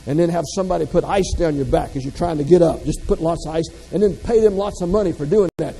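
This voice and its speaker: A man's voice: a little high, fast, creaky, few pauses, warm tone, breathy edge, long reverb tail, poor audio. A man from the American South, giving a motivational keynote full of folksy, self-deprecating humor. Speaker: motivational speaker.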